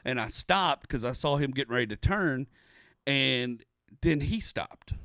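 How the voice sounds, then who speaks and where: A man from Houston, co-hosting a comedy podcast and telling stories with animated, acted-out quotes. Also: mid-range voice, unhurried, no room sound, clean studio sound. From Houston, Texas. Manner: animated, acts out quotes, laughs often. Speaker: podcast co-host. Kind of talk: casual comedic storytelling.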